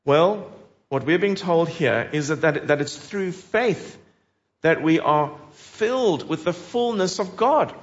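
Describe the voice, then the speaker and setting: A man preaching with earnest emphasis and a fairly high voice, pressing his listeners with direct questions. The recording is dull and lo-fi. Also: lively intonation, slow pace. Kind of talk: sermon.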